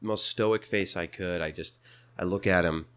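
A young man casually telling a funny story, his voice jumping up high whenever he quotes people. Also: normal speed, clean tone. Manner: animated, jumps to high pitch when quoting people.

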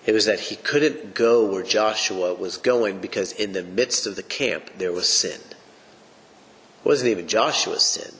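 A man's voice: on the low side, measured pace, fairly bright tone. A man teaching the Bible on a podcast, preaching in an emphatic, folksy way. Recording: long reverb.

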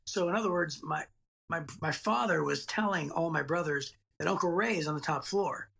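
A man's voice: on the high side, moderate pace, vocal fry, fairly bright tone, slightly rough. A man in his late forties telling a personal childhood story as a guest, rambling and repeating words as he goes. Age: 40s. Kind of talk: personal storytelling in a podcast interview.

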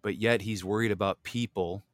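A man's voice: on the low side, fairly even intonation, normal speed, no room sound. A man hosting a podcast, talking in a heated, preachy way and addressing listeners directly, into a close desk microphone. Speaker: podcast host. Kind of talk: heated religious podcast talk.

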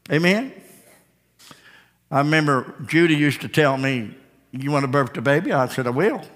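Impassioned preacher man in a reverberant hall. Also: high-pitched. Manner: impassioned preaching, swings between hushed and soaring; repeats phrases for emphasis. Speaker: pastor. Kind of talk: sermon.

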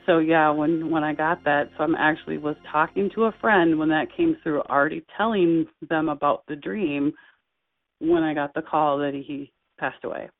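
A middle-aged woman, an interview guest, telling a personal story in a halting, heartfelt way with many fillers and restarts. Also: low voice, steady tone. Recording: tinny phone-line sound with faint music.

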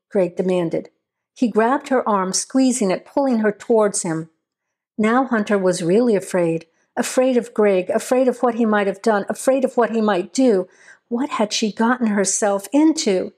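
A woman reading a horror story aloud as a scripted narration, at a steady, measured pace. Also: medium pitch.

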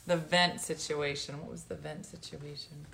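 A woman's voice: deep voice, flat delivery, normal speed, creaky, fairly bright tone. A middle-aged woman casually chatting and telling stories on a home livestream, mock-outraged and laughing often. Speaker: livestream host. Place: home, indoors.

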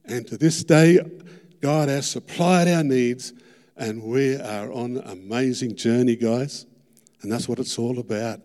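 A middle-aged Australian man preaching a sermon testimony, earnest and fervent, repeating his words and rising to loud peaks. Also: mid-range voice, unhurried. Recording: long hall reverb.

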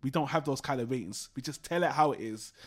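A man's voice: mid-range voice, fast talker. A man hosting a film podcast in casual talk, showy and teasing, playing up the drama. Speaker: podcast co-host.

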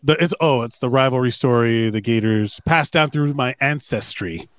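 A man's voice: mid-range voice, moderate pace, fairly bright tone. A man co-hosting a podcast in casual, rambling chat, swearing and joking as he reads comments. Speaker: podcast co-host.

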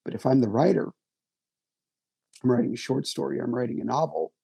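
A man's voice: mid-range voice, a little fast, vocal fry, dark tone, breathy edge, dry recording. A man, a writer and stage actor, telling self-deprecating stories in a casual conversation.

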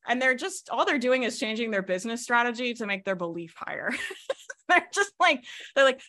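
A woman coaching on a video call. She talks fast and animatedly, with many fillers. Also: on the high side, big pitch swings, bright, forceful tone. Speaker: business coach.

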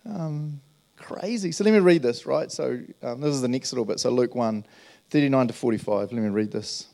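A man gives a relaxed, conversational sermon in a gravelly voice at an average pitch. He tells stories earnestly and keeps turning to his listeners to ask if they follow. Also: fairly quick. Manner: earnest, storytelling, checks in with "right?". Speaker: pastor.

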